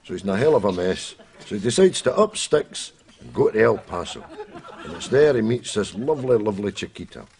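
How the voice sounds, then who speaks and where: A man's voice: lowish voice, sing-song, fairly quick, gravelly, a little mellow. An actor playing a cantankerous older Scottish man who rambles and argues, with a Scottish accent. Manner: rambling, argumentative, hesitant. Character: cantankerous old Scottish man, Jack, cowboy book fan.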